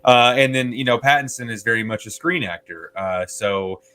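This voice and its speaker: A man's voice: medium pitch, normal speed, sharp tone, smooth. A man co-hosting a casual movie review chat, telling a rambling story with many fillers and restarts. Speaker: podcast co-host.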